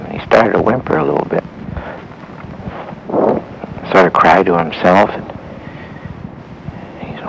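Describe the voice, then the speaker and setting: A man tells a Christian story in a halting way, pausing and going back over his words. His voice is low and very gravelly, with faint wind noise behind it. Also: low-quality recording. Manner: halting, with pauses and restarts. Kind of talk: spoken Christian story for listeners.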